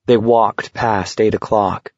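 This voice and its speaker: A male audiobook narrator telling the story slowly and evenly, in a mid-pitched voice. The recording is close and dry. It sounds slightly dull and lo-fi. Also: little pitch movement, darkish tone, no room sound. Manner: slow, measured storytelling.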